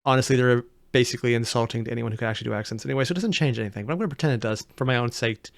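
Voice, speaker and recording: A video reactor giving casual, sarcastic commentary, swinging between loud outbursts and low mutters. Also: very fast, vocal fry, no room sound, studio quality. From United States.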